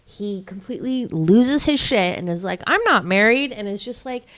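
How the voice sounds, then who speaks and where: A woman co-hosting a podcast in casual chat, animated and playful, with quick asides and frank opinions. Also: mid-range voice. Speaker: podcast co-host.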